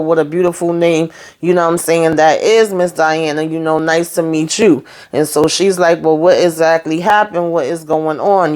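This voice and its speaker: A woman casually recapping a TV episode, blunt and outspoken, swearing freely and briefly voicing the characters as she retells each scene. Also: fairly low pitch. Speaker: TV show recapper.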